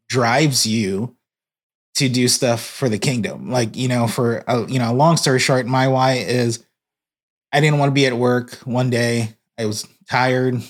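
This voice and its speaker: Earnest man telling a story. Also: medium pitch. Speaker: podcast guest, church broadcast director. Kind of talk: casual podcast conversation.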